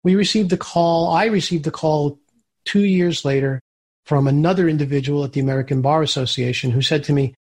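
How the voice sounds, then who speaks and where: A male entrepreneur gives an interview, telling his business stories in a lively, animated way. His voice sits fairly high and has a husky grain. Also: fairly quick. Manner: animated storyteller who acts out quoted voices. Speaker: guest, entrepreneur. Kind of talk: storytelling interview answers.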